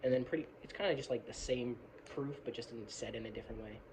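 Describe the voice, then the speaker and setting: Casual male fan recording on his phone: rambling, self-apologetic, swears, middle-pitched, faint hiss behind. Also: fast. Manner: rambling, apologetic, swears casually, hums riffs and sings snatches of lyrics. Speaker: metal fan analysing song lyrics. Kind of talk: casual rambling video commentary. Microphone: phone camera.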